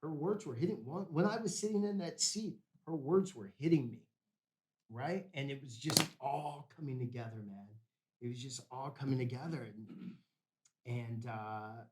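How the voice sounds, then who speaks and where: A man of ordinary pitch recounts a story as a guest on a talk show. He speaks loosely and casually, tossing in "man" and "bro" as he goes. The sound carries a noticeable roomy echo. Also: normal speed, far from the mic, a little hiss or hum. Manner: laid-back, peppers speech with "man" and "bro". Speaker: podcast guest.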